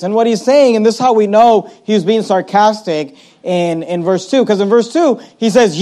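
High-voiced preacher man, casual delivery. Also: dark tone. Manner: conversational, with many fillers and restarts; reads scripture slowly and paraphrases it in everyday speech. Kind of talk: expository Bible sermon.

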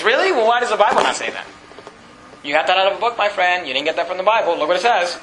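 A pastor preaching a sermon, reading scripture aloud and firing off rhetorical questions in an emphatic delivery. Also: male voice, sits high, lively intonation, fast talker, a crowd in the background. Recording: echoey hall.

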